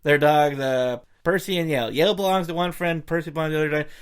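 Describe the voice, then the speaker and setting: A man's voice: fairly high pitch, steady tone, quick pace, clear, resonant tone. A man co-hosting a podcast in casual chat, laid-back, laughing often and dropping dry one-liners. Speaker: podcast co-host.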